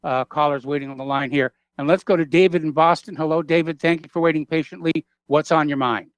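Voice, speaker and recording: A man hosting a call-in radio show, briskly moving callers along. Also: a little high, steady tone, dry recording. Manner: brisk, moves calls along. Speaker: radio host.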